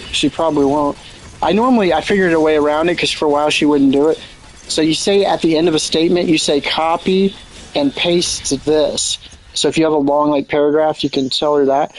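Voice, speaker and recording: A man's voice: a little high, fairly even intonation, normal speed, a little hiss or hum, poor audio. Laid-back young man on voice chat. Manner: laid-back, swears casually. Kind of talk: casual chat. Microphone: online voice chat mic.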